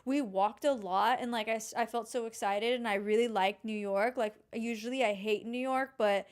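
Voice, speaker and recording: A young woman co-hosting a podcast in a casual, animated chat, full of filler words. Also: a little high, normal speed. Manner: animated, chatty, heavy use of filler "like". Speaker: podcast co-host.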